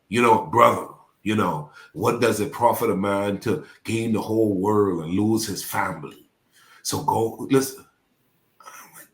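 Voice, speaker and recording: A man who is a pastor, telling a painful personal story as a podcast guest in an animated, preacher-like way. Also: lowish voice, a little slow, echoey room. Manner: animated, preacher-like, acts out quoted voices.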